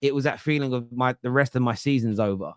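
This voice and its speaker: A young man talking football live from his room at home, loose and animated, cutting himself off and starting over. His voice sits in the middle range and sounds close and dry, with no room around it. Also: mid-range voice, fast, smooth, no echo. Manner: animated, laughing, self-interrupting. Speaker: football pundit. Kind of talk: live football chat reading viewer comments.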